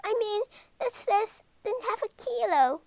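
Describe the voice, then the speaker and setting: A woman voicing the smallest monster in the world, a timid little female creature with a squeaky voice. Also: lively intonation, measured pace, gravelly, a little mellow, no room sound, heavily acted. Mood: sad, squeaky. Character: tiny timid female monster, sad then clever.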